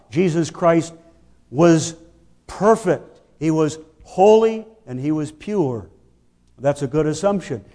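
A man preaching a sermon, slow and emphatic, posing rhetorical questions to his listeners. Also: fairly high pitch, warm tone, long reverb tail.

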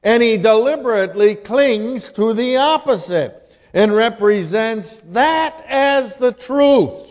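Slow, emphatic male preacher. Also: very high voice, lively intonation. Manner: deliberate, emphatic, archaic scripture quoting. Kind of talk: sermon. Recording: long hall reverb.

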